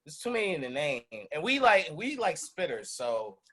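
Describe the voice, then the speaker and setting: A man on a casual podcast panel, arguing his picks in an animated, emphatic way. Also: on the high side, moderate pace. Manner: animated, emphatic, laughs a lot. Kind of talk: casual debate chat.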